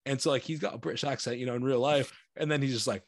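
A man's voice: mid-range voice, steady tone, very fast, dry recording. American man, podcast co-host, rambling casual chat, laughs a lot, dry close mic. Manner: loose, rambling, laughs often, quotes himself.

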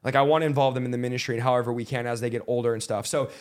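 A man hosting a podcast from a studio, talking quickly in a loose, rambling way. He leans on fillers and restarts, and gets emotional at times. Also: mid-range voice, steady tone. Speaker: podcast host, preacher. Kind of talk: casual chat with his wife.

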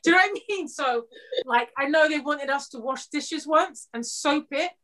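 Woman, high voice, candid, reflective, podcast guest. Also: normal speed, a bit bright. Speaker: actress guest. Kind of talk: podcast conversation.

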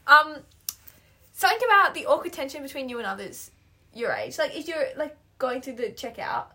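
A woman's voice: sits high, big pitch swings, brisk, bright, forceful tone. A young woman co-hosting a casual chat podcast, rambling and giggly with lots of "like" fillers. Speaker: podcast co-host.

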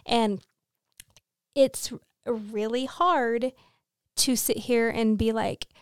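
A woman's voice: a little high, fairly even intonation, extremely slow, smooth, no echo, clean studio sound. A woman and mother co-hosting a faith podcast, speaking in an encouraging, affirming way. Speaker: podcast co-host.

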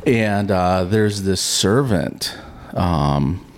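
A man co-hosting a Christian podcast, teaching casually and telling stories in an animated, chatty way that acts out the lines he quotes. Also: low voice, very slow. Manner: chatty and informal. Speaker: podcast co-host. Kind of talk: casual conversational Bible teaching.

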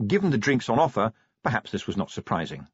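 A man's voice: fairly low pitch, big pitch swings, fast, husky, dry recording, muffled recording. A man narrating a comic audiobook with wry, dry timing.

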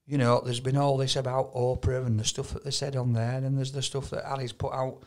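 Yorkshire man, gravelly, mid pitch, chatty podcast co-host who stumbles over his words. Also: flat delivery, brisk. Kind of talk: casual chat.

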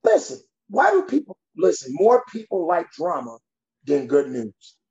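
A coach with a high, lively voice that swings widely as he talks. He is blunt and emphatic, with a tough-love manner. The sound is dull and lo-fi. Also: measured pace, creaky. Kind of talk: podcast conversation.

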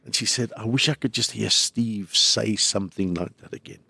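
A man's voice: on the low side, moderate pace, vocal fry, pushed and bright, breathy edge, dry recording. A comedian, a man, talking in an emotional, rambling way as a podcast guest. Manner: rambling, jumps between thoughts.

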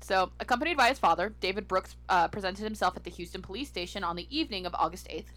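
A young woman hosts a podcast, reading case notes at a quick clip and then chatting frankly. Her voice sits at a middle pitch, and her tone is brisk and plain. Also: expressive, a bit bright. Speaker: podcast co-host.

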